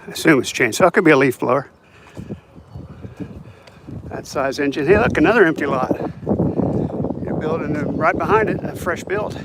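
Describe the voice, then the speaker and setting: A man chats to viewers as he walks down a neighborhood street, rambling along in a somewhat high voice. He sounds a bit tired. Faint traffic and passing cars hum behind him outdoors. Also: expressive, normal speed, pauses often. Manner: rambling, chatty, talks to viewers while walking. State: tired, yawning. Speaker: vlogger. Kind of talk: casual walking vlog.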